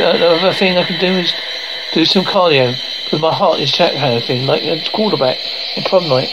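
A man reading a TV episode transcript aloud, sound cues and all, in a flat, halting way that stumbles over words. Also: fairly high pitch, noisy background. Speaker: reader of a show's transcript.

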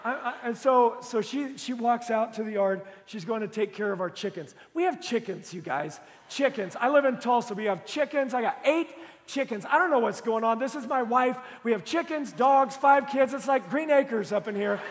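Lively comic pastor, bright high voice, booming church-hall echo. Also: male voice, moderate pace, few pauses. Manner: animated, comic storytelling, bursts of shouting. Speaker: lead pastor. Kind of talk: sermon with humorous personal story. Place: church auditorium. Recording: long reverb of a large church hall.

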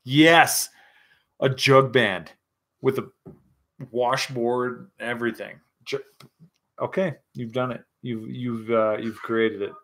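A man's voice: medium pitch, fairly even intonation, slow pace, fairly bright tone. A man hosting a casual live chat with viewers, rowdy, joking and profane, a little tipsy. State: tipsy from scotch. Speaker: livestream host.

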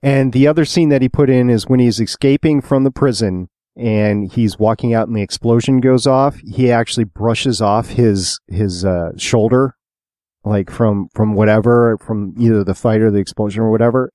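A man's voice: on the low side, mellow, no room sound, clean studio sound. A man co-hosting a podcast, chatting casually about films and sharing trivia with a laugh. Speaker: podcast co-host.

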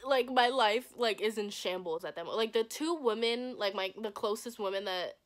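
A woman's voice: on the high side, moderate pace. Young woman telling a blunt, profane storytime. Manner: profane, blunt, acts out quoted voices. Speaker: vlogger. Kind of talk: casual storytime.

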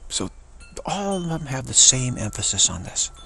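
With a husky, gravelly voice that sits mid-range, a spiritual teacher talks emphatically in a sharp, sing-song manner at a moderate pace. He frequently repeats and restarts words, and there is slight background noise.

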